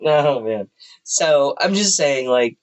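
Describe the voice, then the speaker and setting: A man's voice: lively intonation, slow, low-quality recording. Rambling, jokey man in casual chat. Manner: rambling, jokey, laughs often, drops into a deep voice for stories. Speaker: podcast co-host. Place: room at home.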